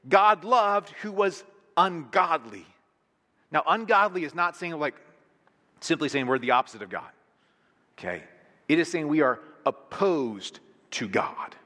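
Preaching in a church sanctuary, a pastor gives a conversational sermon peppered with rhetorical questions. His voice sits high, bright and forceful, and the large hall lends a long reverb.

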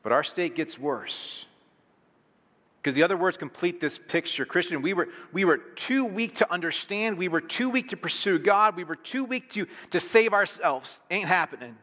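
Pastor, male, bright and fairly high voice, casual preaching style, hall reverb. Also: lively intonation, normal speed. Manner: conversational preaching with rhetorical questions. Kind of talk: sermon. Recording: long reverb of a large hall.

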